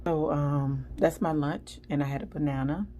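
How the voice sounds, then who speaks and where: A woman's voice: sits low, moderate pace, a little hiss or hum, rough recording. A woman vlogger chatting casually and animatedly as she tells a story. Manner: chatty, animated, acts out the people in her story.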